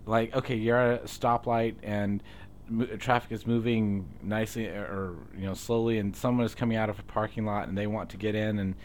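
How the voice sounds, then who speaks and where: A man's voice: on the low side, fairly even intonation, a little fast, slight background noise. A man co-hosting a podcast, telling personal stories in an easygoing way and laughing often. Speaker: podcast co-host. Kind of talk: casual chat.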